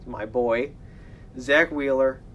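A man's voice: mid-range voice, takes it slowly, fairly bright tone, dull audio. A man co-hosting a casual sports chat, joking and swearing in playful banter. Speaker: podcast co-host.

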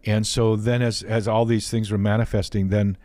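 A man's voice: on the low side, flat delivery, moderate pace, a little mellow, dry recording. A man hosting a faith interview show, talking earnestly and often restarting his sentences. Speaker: podcast host.

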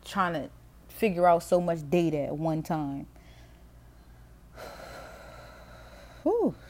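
A woman's voice: sits low, steady tone, drawn-out words, slight background noise. A middle-aged woman hosting her own podcast, talking to herself in a rambling, candid monologue, swearing freely and laughing often. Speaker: podcast host. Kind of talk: casual solo monologue.

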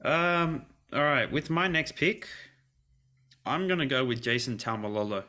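Lively bright-voiced man. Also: mid-range voice, a little slow. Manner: lively, reads out figures, laughs easily. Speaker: podcast guest. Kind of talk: casual sports podcast chat.

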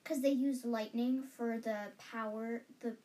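A woman with a fairly high voice chats casually as a podcast co-host. She talks in a playful, halting way, stumbling over words as she goes. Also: steady tone, mellow. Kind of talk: casual chat about a film.

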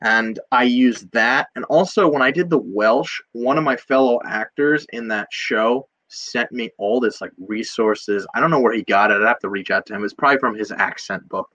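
A man's voice: mid-range voice, moderate pace, hardly any pauses, bright, forceful tone, no room sound, lo-fi sound. A young man, an actor from Virginia Beach, chatting casually as an interview guest, with many fillers and restarts. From Virginia Beach, USA.

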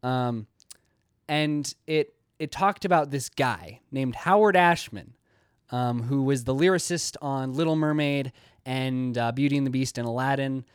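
A young man talks through a casual video essay in a mid-pitched voice. He rambles and restarts often, and it is recorded close in a dry space. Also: measured pace, smooth, no room sound. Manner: rambling, many fillers and restarts.

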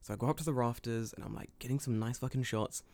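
Animated young man telling stories, dry sound. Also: medium pitch, fast, creaky, no room sound. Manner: animated storyteller, acts out dialogue, swears often. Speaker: podcast co-host. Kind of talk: casual podcast chat. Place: lives in Japan.

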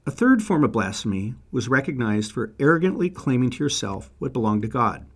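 A man's voice: medium pitch, very animated, a little fast. A man narrating a scripted lecture on biblical history, reading quotes aloud and adding wry asides.

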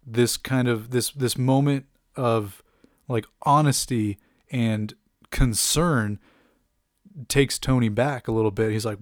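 A man's voice: mid-range voice, steady tone, takes it slowly, dry recording, clean studio sound. A young man casually recapping a comic book, chatty with many fillers and asides.

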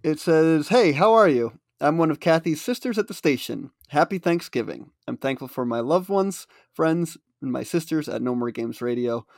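A man's voice: fairly high pitch, lively intonation, moderate pace, creaky, hardly any pauses, a little mellow, no echo, clean studio sound. A man in his late twenties co-hosting a podcast in casual chat, laughing easily and giving short agreeing replies. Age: 20s. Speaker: co-host.

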